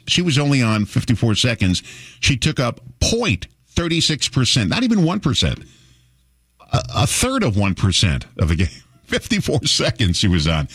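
A man's voice: mid-range voice, a bit bright, no echo, clean studio sound. A middle-aged man hosting a radio show, talking in a chatty, wry way and chuckling often. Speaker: radio host. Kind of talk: casual radio talk.

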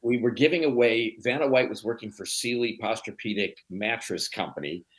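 A middle-aged man from Chicago talks as an interview guest, telling stories in a relaxed, rambling way. His voice sits on the low side. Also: a little fast. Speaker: documentary producer, guest. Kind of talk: conversational interview.

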